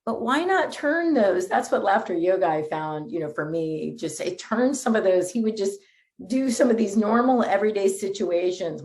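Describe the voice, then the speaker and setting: A middle-aged woman minister giving a sermon in a lively, conversational way, often breaking into laughter. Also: medium pitch, normal speed.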